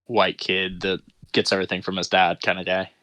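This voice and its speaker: Low-voiced, laid-back podcast co-host. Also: male voice, flat delivery, brisk, bright, forceful tone, no room sound. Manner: laid-back, agreeing with short interjections. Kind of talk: casual chat about a TV show.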